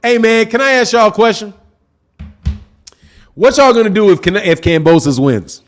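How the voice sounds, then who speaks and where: A man's voice: high-pitched, moderate pace, faint music behind. A man hosting a boxing channel, chatting casually to his live chat in slang, repeating himself for emphasis. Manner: slangy, repetitive, talks to chat. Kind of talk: casual livestream commentary.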